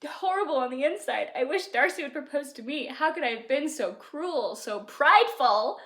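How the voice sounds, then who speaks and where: A woman's voice: high voice, expressive, moderate pace, pushed and bright, voice pushed up, heavily acted. A woman voicing a lovesick young heroine who gushes in an exaggerated, self-reproaching way. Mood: wistful.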